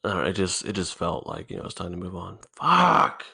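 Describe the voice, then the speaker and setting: A man hosting a solo podcast, thinking out loud in a halting, rambling way, swearing often, recorded in an indoor room. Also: deep voice, little pitch movement, gravelly, breathy edge. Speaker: podcast host.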